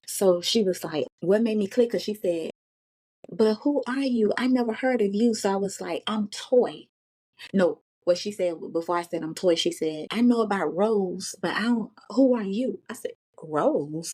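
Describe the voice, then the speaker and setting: Florida woman, podcast guest, spins a profane story with animated quotes. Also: mid-range voice, moderate pace. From Florida, USA. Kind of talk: casual storytelling.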